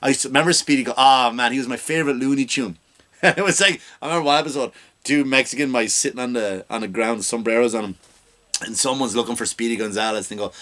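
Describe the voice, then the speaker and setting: A man's voice: mid-range voice, fast, sharp tone. A man hosting a comedy podcast, ranting in a rambling, self-mocking way.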